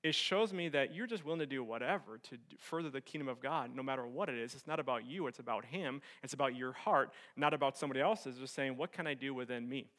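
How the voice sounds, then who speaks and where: A young man preaching a sermon as pastor, telling a personal story with animated swings from loud excitement to soft earnest tones. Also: mid-range voice, quick pace, few pauses.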